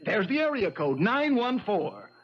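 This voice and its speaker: A man playing a nervous husband in hiding who stammers and talks haltingly, in a 1970s radio drama. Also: sits high, sing-song, slightly rough, full character voice. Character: nervous middle-aged husband hiding in witness protection. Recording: dull old radio broadcast.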